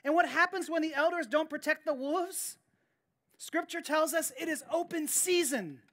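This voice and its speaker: A woman's voice: high-pitched, moderate pace, a bit bright. A woman pastor preaching a sermon in an earnest, emphatic way, often repeating key phrases and restarting her sentences.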